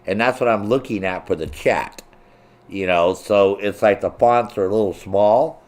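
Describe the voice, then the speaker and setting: A man's voice: on the low side, moderate pace. A middle-aged man streaming live, chatting casually with his viewers, swearing freely, joking crudely and laughing often. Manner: crude, profane, laughing a lot, reads chat.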